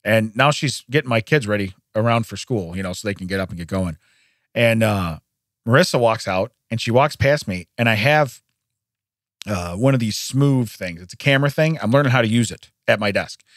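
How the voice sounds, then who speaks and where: A man's voice: on the low side, lively intonation, normal speed, no room sound, clean studio sound. A middle-aged man, a podcast co-host, telling a rambling family story in casual chat with repeated words and restarts.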